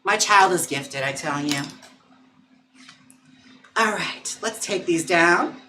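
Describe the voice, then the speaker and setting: Bright, playful man on a home livestream. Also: slow pace, a little hiss or hum. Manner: chatty and playful, often laughing; coos and coaxes his dog in a higher voice. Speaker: livestream host. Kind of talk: casual livestream chat.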